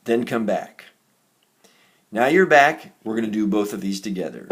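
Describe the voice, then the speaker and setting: In a recorded music reading lesson, a man with a somewhat low voice explains note values at a measured pace, leaving long pauses. He is patient and steady, counting beats aloud in a raised chant and making small corrections to himself as he goes.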